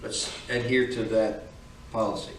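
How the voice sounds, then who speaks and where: A man's voice: mid-range voice, level tone, normal speed. A man instructing flight students in a classroom, speaking in a firm, direct, lecturing manner. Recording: echoey room, from far off.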